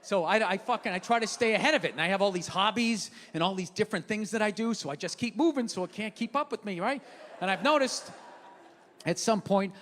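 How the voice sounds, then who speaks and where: A man's voice: high voice, brisk, a bit bright. Profane ranting man on a comedy stage. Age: middle-aged. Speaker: stand-up comedian. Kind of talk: stand-up comedy routine. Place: comedy stage in a large hall. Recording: live hall with reverb, faint ambience.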